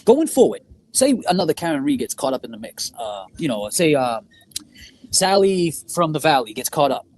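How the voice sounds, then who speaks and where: A man's voice: a little high, moderate pace. A man co-hosting a livestream, speaking scornfully and swearing heavily. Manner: profane, scornful, animated. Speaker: podcast co-host. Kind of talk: heated livestream rant.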